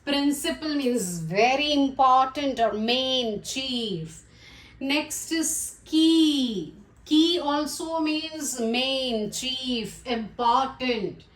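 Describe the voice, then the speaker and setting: A woman teaching English vocabulary, listing words one by one in a slow, deliberate way. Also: high-pitched, lively intonation. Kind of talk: vocabulary lesson. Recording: echoey room.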